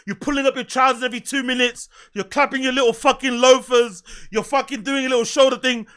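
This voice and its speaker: A man streaming a loud, profane, mocking rant in reaction to clips, often shouting. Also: extremely high pitch, fairly even intonation, a little fast. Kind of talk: ranting reaction commentary.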